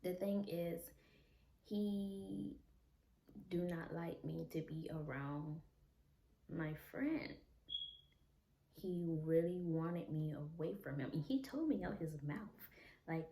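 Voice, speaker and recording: A young woman vlogger telling a personal story in a soft, candid, unhurried way. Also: lowish voice. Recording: echoey room, faint ambience.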